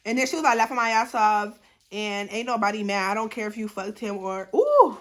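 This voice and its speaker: A woman's voice: medium pitch, fairly even intonation, fairly quick, fairly bright tone, reverberant. Blunt, profane young woman ranting. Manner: blunt, profane, retelling texts in a heated voice. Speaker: YouTuber telling a story. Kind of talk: casual storytime vlog.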